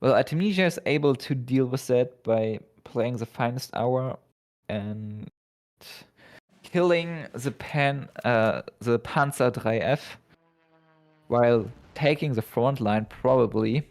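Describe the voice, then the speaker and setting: Slow-talking male color commentator. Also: mid-range voice. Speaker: esports co-caster.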